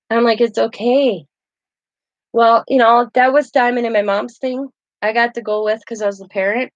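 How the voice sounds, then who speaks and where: A woman's voice: a little high, fairly even intonation, moderate pace, dry recording, lo-fi sound. A woman, hosting a casual craft vlog and telling rambling stories as she shows keepsakes. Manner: chatty, rambling storytelling with laughs. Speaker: craft channel host. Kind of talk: casual show-and-tell vlog.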